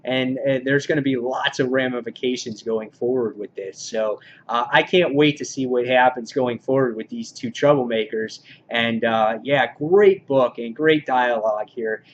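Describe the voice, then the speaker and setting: Excitable man with a dull lo-fi sound. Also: medium pitch, moderate pace, hardly any pauses. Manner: excitable, acts out characters' quotes; lots of fillers and restarts, mild swearing. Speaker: comic book reviewer. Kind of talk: casual spoken review. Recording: dull lo-fi sound with faint noise.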